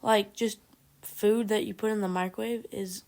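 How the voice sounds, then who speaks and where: A woman's voice: mid-range voice, fairly even intonation, normal speed, darkish tone. A woman co-hosting a podcast in casual chat, playful and giggly with short interjections. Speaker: podcast co-host.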